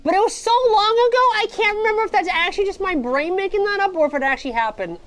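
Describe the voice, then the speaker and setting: A woman VTuber streamer in casual live-stream chat, playful and giggly, swinging between squeaky highs and mumbled lows. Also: fast talker, faint music behind.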